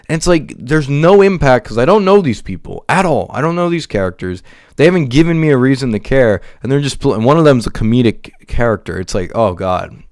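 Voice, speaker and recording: A man's voice: mid-range voice, no echo, studio quality. Exasperated man ranting about a movie. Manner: exasperated, profane ranting with stammered restarts. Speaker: movie reviewer.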